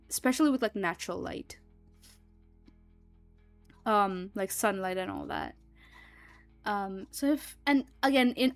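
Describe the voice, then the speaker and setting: A woman's voice: fairly high pitch, no echo. A young woman streaming, chatting casually and rambling with lots of fillers and frequent laughs. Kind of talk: casual livestream chat.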